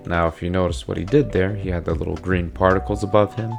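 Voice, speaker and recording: A man's voice: low voice, fairly even intonation, fast, gravelly. A man giving casual let's play commentary in a chatty way, often talking to characters in the game. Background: faint background music.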